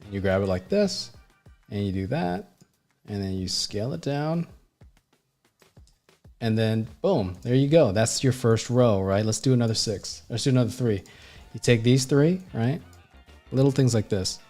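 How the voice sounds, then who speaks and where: A man at a middle pitch gives a loose, rambling art lesson on a livestream, swearing freely and leaning on fillers like "you know what I mean." His delivery is emphatic and restless, with plenty of false starts. Faint music plays underneath. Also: expressive, moderate pace, pauses often, darkish tone. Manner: emphatic, rambling with frequent restarts. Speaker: art instructor and designer. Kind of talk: casual livestream teaching.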